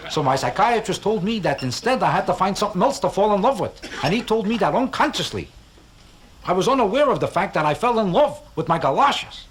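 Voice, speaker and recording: A man doing a stand-up comedy routine, talking in a sing-song way, firing rhetorical questions at the audience and making boastful, self-mocking jokes. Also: sits high. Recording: live club album with audience laughter and vintage background hiss. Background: audience laughter.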